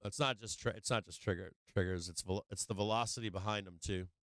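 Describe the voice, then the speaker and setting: Brash male trading-stream host, low voice, smooth and close with a dry sound, swears constantly. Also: fast, no room sound. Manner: profane, brash, excitable trash talk. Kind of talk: live market commentary.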